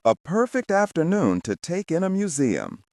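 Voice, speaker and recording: A refined, soft-spoken FBI agent, put on by a male audiobook narrator, speaks with formal precision. The voice is lifted higher than the narration and moves expressively. The recording is dry and close. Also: very animated, moderate pace, no room sound. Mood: urbane.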